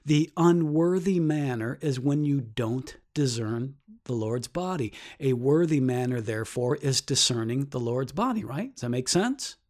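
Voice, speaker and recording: Slow, earnest man teaching a Bible lesson. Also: lively intonation, a little mellow. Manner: earnest, explaining with rhetorical questions; rises sharply in pitch for emphasis.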